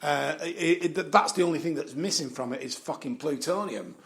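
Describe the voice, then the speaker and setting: A man with a gravelly, creaky voice, pitched a little above the usual male range, riffing through a casual commentary. He swears without pause, laughs at his own asides and loses his thread in a string of ums. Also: a bit bright. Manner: swears freely, chuckles, trails off with fillers. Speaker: vlogger.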